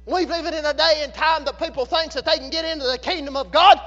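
A man preaching a sermon, fervent, swinging from shouts to a hush. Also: extremely high pitch, fast talker, hardly any pauses. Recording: echoey hall, dull lo-fi sound.

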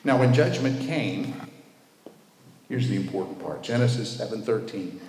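A male preacher delivers an emphatic sermon, slowing down to stress the words that matter. His voice rings through a very echoey hall with a long reverb tail. A faint hum of background noise sits underneath. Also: lowish voice, a little mellow. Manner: emphatic, drawing out key words slowly. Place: church with a responding congregation.

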